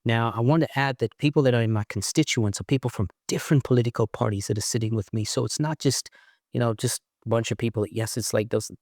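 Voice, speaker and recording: A man's voice: mid-range voice, fast, no room sound, studio quality. A South African man, a guest and former mayoral candidate, telling stories in a casual interview and mimicking other people's voices. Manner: animated storyteller who mimics other voices.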